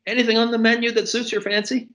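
A man's voice: extremely high pitch, level tone, fast, fairly bright tone, voice pushed up. A man voicing a sassy, flirtatious waitress in her sixties with a drawl. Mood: teasing, brassy. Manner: sassy, teasing, drawling endearments.

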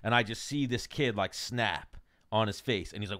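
A man's voice: lowish voice, expressive, a little fast, fairly bright tone. A man on a casual podcast telling a long story and voicing the people in it. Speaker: podcast co-host.

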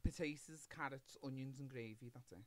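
A man with a Liverpool accent, chatting as a podcast guest in a camp, cheeky and animated way. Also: mid-range voice, a little fast. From Liverpool, England. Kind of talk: casual chat.

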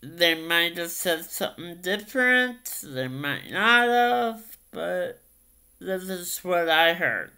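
Very slow, hesitant male vlogger. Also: sits high, animated, bright, forceful tone, clear, resonant tone. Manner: hesitant, many ums and repeated phrases. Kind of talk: casual vlog storytelling.

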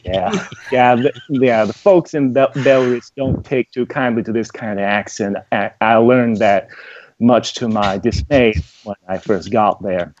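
A man's voice: mid-range voice, a little slow, slight background noise. A man playing his character in a tabletop game, casually slipping in and out of character. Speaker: player. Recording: dull lo-fi mic.

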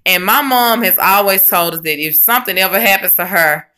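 A woman vlogging casually about her weight loss, chatty and expressive, talking straight to her viewers. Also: medium pitch, a little fast. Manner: chatty, addresses viewers as y'all and honey; emotional and expressive, rambling with restarts. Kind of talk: casual chat to camera.

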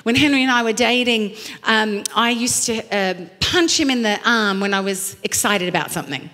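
High-voiced woman preaching in a big hall. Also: normal speed. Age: middle-aged. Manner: animated storytelling with acted quotes and emphatic repetition. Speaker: pastor. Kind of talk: sermon. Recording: long hall reverb.

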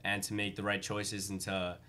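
A man's voice: lowish voice, monotone, moderate pace, bright, forceful tone. A young man with a Long Island accent, a college student guest speaking earnestly and filling his speech with "like" and "uh". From Long Island, New York. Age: young adult. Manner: earnest, uses many likes and uhs. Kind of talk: casual interview chat.

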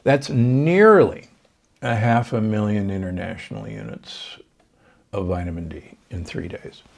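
A man's voice: lowish voice, measured pace, creaky. An older man, a doctor hosting a podcast, giving confident health advice in conversation. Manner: confident, explanatory, with fillers.

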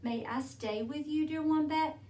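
A woman's voice: sits high, measured pace, warm tone, voice pushed up. A woman voicing a flustered female platypus who talks in a breathless tumble of words, reading a storybook aloud. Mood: pleading. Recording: roomy, from a distance.

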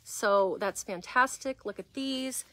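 A woman's voice: a little high, takes it slowly, fairly bright tone. Chatty woman hosting a live shop sale. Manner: chatty, upbeat selling patter with fillers. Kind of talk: live shopping stream chat. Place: shop interior. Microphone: no microphone, speaking loudly.

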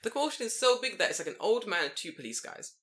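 Man, podcast host, bright tone, lively swooping pitch, excitable, swears a lot. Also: fast. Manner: animated, profane, excitable storyteller. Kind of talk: casual chat, storytelling.

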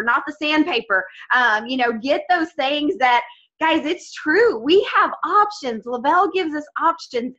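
Woman, motivational speaker on a video call, bright and punchy, slightly high, lo-fi audio. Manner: emphatic, encouraging, addresses listeners as guys. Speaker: guest speaker on a team call. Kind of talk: motivational team call talk.

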